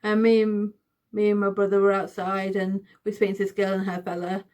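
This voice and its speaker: Woman in her thirties, mid-pitched, excitable and giggly, recounting a fan story for a vlog. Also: a little fast. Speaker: vlogger. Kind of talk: casual storytime.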